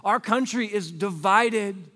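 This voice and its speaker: A man's voice: high voice, takes it slowly, bright, forceful tone, in a large hall. A male pastor preaching a sermon in an earnest, pleading way, repeating rhetorical questions to the congregation.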